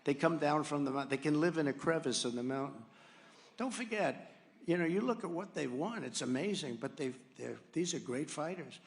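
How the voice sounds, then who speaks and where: An older man telling a rambling, boastful story as a rally speech, swinging from quiet asides to loud punchlines. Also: on the high side, a little fast. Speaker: political speaker at a rally. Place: large rally venue.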